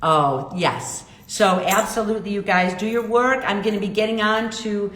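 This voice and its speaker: A woman's voice: mid-range voice, normal speed, a bit bright. A middle-aged woman hosting a casual livestream, bubbly and chatty, reacting to viewer comments. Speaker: livestream host, jeweler. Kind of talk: casual live chat reading viewer comments. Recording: echoey room with faint noise.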